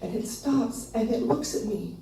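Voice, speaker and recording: A woman in her fifties telling a personal story on stage, animated and laughing often, jumping into a high squeal when she quotes herself. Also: normal speed. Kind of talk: live storytelling performance. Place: small live venue with an audience. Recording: echoey venue, voice a bit distant, faint background noise.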